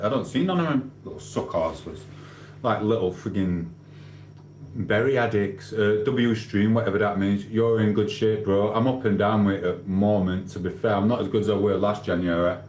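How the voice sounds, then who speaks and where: With a lowish, darkish voice, this livestream host reads out comments and rants bluntly, throwing in cheeky swearing. The recording has a roomy echo and faint hum.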